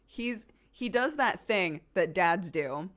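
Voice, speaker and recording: A young woman talks to her stream at an unhurried pace. Her pitch sits a little low but swings widely as she giggles and rambles through fillers. The chat stays loose and easygoing. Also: lively intonation, fairly bright tone. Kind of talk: casual chat with chat readers.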